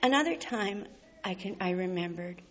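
A woman from Canada recounts a personal testimony of faith at normal speed, her medium-pitched voice expressive. Earnest and moved, she weeps and laughs through her tears, captured on a slightly dull recording with a faint hiss.

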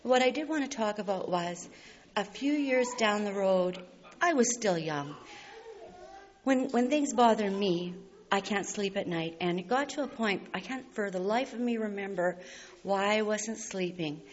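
A Canadian woman with a mid-range voice speaks a little slowly as she shares a personal faith testimony. She's earnest and heartfelt, crying and laughing through her tears. The recording is slightly dull with a faint hiss.

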